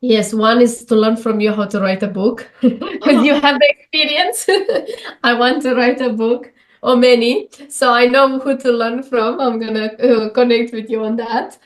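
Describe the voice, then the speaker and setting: A woman from Romania, a guest in an interview, talking reflectively in English with earnest, halting sentences and frequent restarts. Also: fairly high pitch, flat delivery. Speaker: guest speaker.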